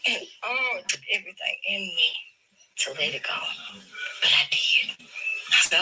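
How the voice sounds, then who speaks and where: A woman's voice: fairly low pitch, lively intonation, a little slow, long pauses, pushed and bright, slightly rough, low-quality recording. A woman in a heated, profane rant on a livestream, defiant and blunt.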